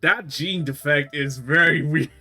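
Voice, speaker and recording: A man hosting a casual chat show, talking with eager enthusiasm and frequent halting restarts. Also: on the high side, pushed and bright, soft background music. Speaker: host.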